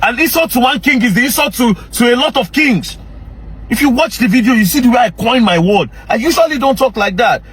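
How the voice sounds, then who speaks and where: A young man with a Nigerian Pidgin English accent, ranting angrily and confrontationally straight to camera as a social media commentator, often breaking into shouts. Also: extremely high pitch, expressive, brisk, slightly rough. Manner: angry, confrontational, repeatedly shouting. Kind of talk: heated direct-to-camera rant.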